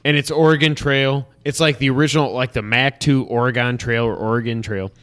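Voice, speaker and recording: A man hosting a casual chat with friends, animated and quick to act out stories with sound effects. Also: medium pitch, clear, resonant tone.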